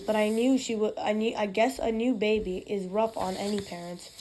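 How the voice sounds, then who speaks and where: A woman's voice: medium pitch, flat delivery, moderate pace, warm tone, a little hiss or hum. A woman reading a novel aloud in the first person, with occasional slips and restarts. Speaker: reader.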